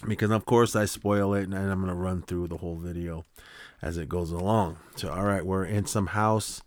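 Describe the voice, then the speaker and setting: A deep-voiced podcast host rambles loosely through a short film's story in a casual recap, leaning on fillers and often restarting sentences. His tone is steady and his pace moderate, recorded close and dry with no room echo.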